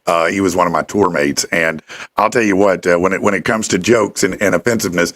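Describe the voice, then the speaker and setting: A man's voice: low-pitched, steady tone, fairly quick, a bit bright. A man hosting a casual interview, joking and laughing often. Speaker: show host.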